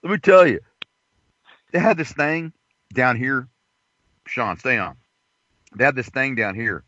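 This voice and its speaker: A man hosting a call-in show, telling stories in a crude, excitable way. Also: mid-range voice, measured pace, no room sound, dull audio. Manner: crude, excitable, laughing storyteller. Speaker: host. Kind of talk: casual chat.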